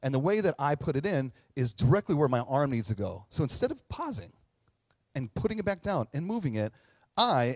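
A man's voice: fairly high pitch, no echo. A man in his thirties, a pastor telling a story in a sermon, joking and talking straight to the audience. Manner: animated, jokey, talks to the audience.

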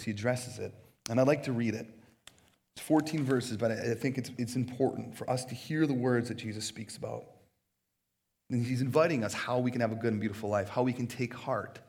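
A man preaching a sermon in a casual, conversational way, heavy on fillers, moving between hushed reflection and emphatic, animated questions. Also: medium pitch. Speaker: pastor.

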